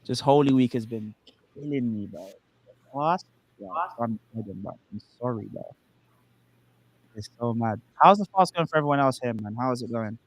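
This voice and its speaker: A man's voice: medium pitch, normal speed, dry recording. A man from Nigeria, chatting casually on a stream, telling stories with lots of laughs and a lot of "bro". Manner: animated storytelling, laughs often, says bro a lot. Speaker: stream co-host. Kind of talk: casual chat.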